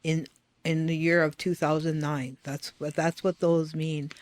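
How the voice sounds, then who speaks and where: A woman co-hosting a podcast, explaining document details in a halting way, often restarting her words. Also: low voice, little pitch movement, no room sound. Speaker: podcast co-host. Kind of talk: podcast talk, reading out documents.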